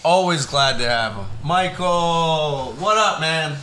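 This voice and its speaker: A man's voice: fairly high pitch, expressive, slow pace, bright, forceful tone, echoey room, slight background noise. A man hosting a podcast in casual chat, joking with profane banter. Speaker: podcast host.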